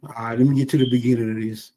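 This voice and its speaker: A man's voice: medium pitch, flat delivery, rapid-fire, dark tone. A man reading from a historical source on a livestream, reading in spurts with casual asides.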